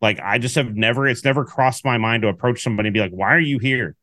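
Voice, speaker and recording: A man co-hosting a casual sports podcast, telling a story with lively acted-out quotes. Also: medium pitch, rapid-fire, dry recording, studio quality. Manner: animated storyteller, acts out quotes. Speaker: podcast co-host.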